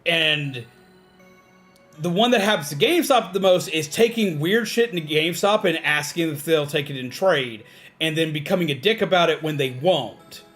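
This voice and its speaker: A man's voice: a little high, expressive, normal speed, fairly bright tone, soft background music. A man streaming a game, ranting in casual, profane talk with lots of fillers. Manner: rambling, profane, frequent fillers. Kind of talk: casual rambling stream chat.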